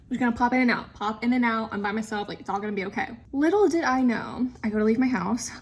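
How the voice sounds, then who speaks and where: A woman's voice: on the high side, quick pace, husky. A young woman talking casually in a home vlog, chatty and venting with lots of fillers, emotional and close to tears. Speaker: vlogger.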